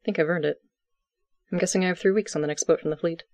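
A calm, low-key fishing captain who speaks quietly and plainly, as a storyteller puts him on. The voice sits in a middle range with a dry, close sound. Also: quick pace, dry recording, natural voice. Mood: warm, content. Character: steady, quiet male fisherman captain. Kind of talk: audiobook character voice.

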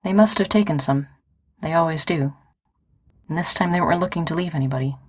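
A woman's voice: low-pitched, a little fast, slightly rough, no room sound. A woman voicing a grave, wry fellow carrier woman.

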